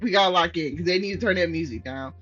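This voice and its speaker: A woman's voice: fairly low pitch, quick pace, slightly rough. A woman gaming streamer reading a story game aloud, breaking into profane, outraged reactions. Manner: animated, profane, bursts into loud outraged reactions. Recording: slightly muffled, soft game music behind.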